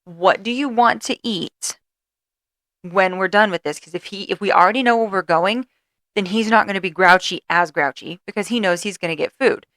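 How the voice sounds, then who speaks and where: A woman's voice: medium pitch, moderate pace, a bit bright, no room sound, clean studio sound. Chatty woman co-hosting a podcast. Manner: chatty, laughs often. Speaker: podcast co-host. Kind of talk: casual chat.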